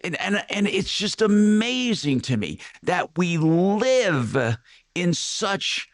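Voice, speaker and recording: An older male radio host talks with a lively, swinging pitch, circling back and restarting as he rambles through his opinions. His voice is close and dry, with no room sound at all. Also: takes it slowly, no room sound. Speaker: radio talk show host. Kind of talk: talk radio monologue.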